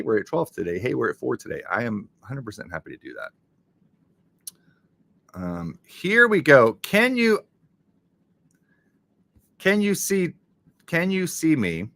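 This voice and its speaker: A man chatting to his live-stream viewers with a lively voice that swings up and down in pitch. He talks in an unhurried way with a bright, forceful tone and often gets excited as he thanks people. This is casual talk straight to his audience.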